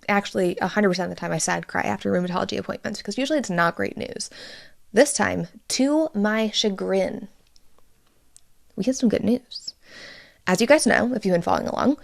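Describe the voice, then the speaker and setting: A young woman hosts her own podcast in a loose, chatty solo talk. Her voice has a gravelly fry at mid pitch. She swears freely and sounds emotional, close to tears. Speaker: podcast host. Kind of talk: casual solo podcast update.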